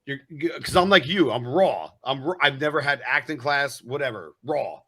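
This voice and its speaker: A man's voice: medium pitch, normal speed. A man with an East Coast American accent, hosting a casual chat and acting out voices as he tells stories. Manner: animated storyteller who acts out voices. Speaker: podcast host.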